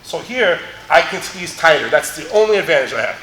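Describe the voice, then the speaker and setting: In a spacious, echoey training gym, a middle-aged man demonstrates martial arts moves and tells funny stories to his seminar, laughing often. The pitch is fairly high, the delivery very animated, a little fast and a bit bright. There's faint room ambience and slight background noise.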